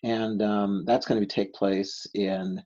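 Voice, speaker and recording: A man's voice: fairly low pitch, level tone, unhurried, mellow. An American man teaching a history lesson in a loose, conversational way, full of fillers and rhetorical questions, sometimes acting out quotes. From United States. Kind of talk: recorded classroom lecture. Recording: dull lo-fi recording.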